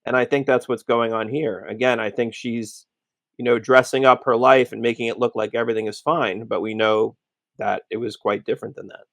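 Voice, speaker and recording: A man's voice: medium pitch, fairly even intonation, brisk, creaky, fairly bright tone, no room sound, clean studio sound. A man as a guest commentator, talking emphatically and often repeating himself. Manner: emphatic, repeats "again" and "you know". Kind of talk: conversational analysis.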